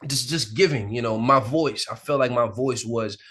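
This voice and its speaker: A male actor as an interview guest, telling candid stories in a relaxed, animated way, often laughing and acting out the people he quotes. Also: mid-range voice, normal speed, slightly rough. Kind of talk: candid conversational storytelling. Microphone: sit-down interview mic.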